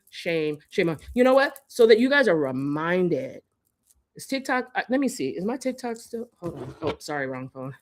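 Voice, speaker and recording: A woman with a mid-range voice hosts a live-stream commentary into her phone. She is heated and profane, hammering home her points with one rhetorical jab after another.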